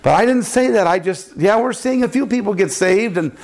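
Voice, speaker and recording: An older man, a pastor, telling a story in a sermon and acting out the people in it with big jumps in his voice. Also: a little fast. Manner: animated preaching, acting out quotes with big pitch jumps.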